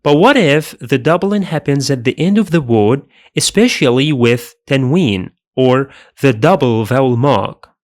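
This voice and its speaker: Guy teaching arabic sounds real slow, says each one twice, calm lesson voice. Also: mid-range voice. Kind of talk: slow scripted lesson narration.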